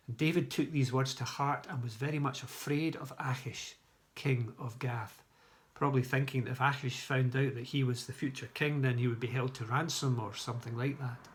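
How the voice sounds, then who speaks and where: Man reading a Bible story, plain and steady. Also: mid-range voice, normal speed. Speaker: church leader.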